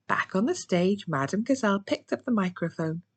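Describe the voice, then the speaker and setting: A British woman reading a children's storybook aloud, slow and expressive. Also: medium pitch, breathy edge. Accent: British English. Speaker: children's book reader.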